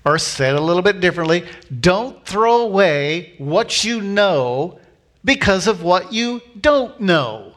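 Preaching with animation and a fairly bright tone, this pastor has a somewhat higher voice than the typical man. He brings the sermon's story to life by voicing its people, then eases his pace to repeat the main lines for emphasis.

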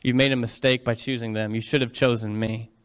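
Man doing a proud fallen angel: low, hushed and sneering; sermon retelling. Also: level tone, a little fast, clean tone, lightly acted. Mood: scornful.

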